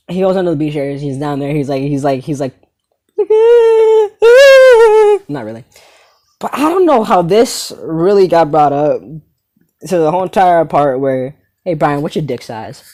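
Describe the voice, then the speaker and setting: A young man telling a crude comedy story in an animated, sarcastic way, full of rhetorical asides. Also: fairly high pitch, moderate pace.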